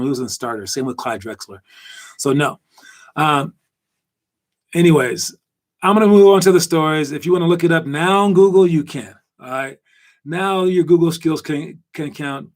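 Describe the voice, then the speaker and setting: A man hosting a casual basketball podcast, rambling and animated with lots of fillers. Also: a little high. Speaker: podcast host.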